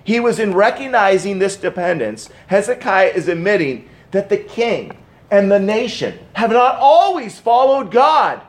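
Male pastor, higher-pitched, preaching with big dynamic swings, reads scripture aloud. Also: very animated, measured pace. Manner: preaching with dramatic swings from loud emphasis to hushed tones; reads scripture aloud in King James wording. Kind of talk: sermon.

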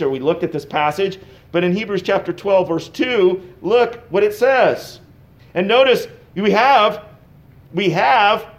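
A middle-aged male pastor giving a conversational sermon with casual asides and light chuckles. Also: sits high.

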